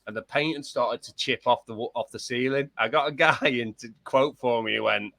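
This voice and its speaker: Man, jokey storyteller, acts out voices, middle pitch, dry sound. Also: brisk, vocal fry, pushed and bright, no room sound. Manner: acts out quoted voices, laughs through stories. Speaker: podcast co-host. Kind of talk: casual chat with friends, storytelling.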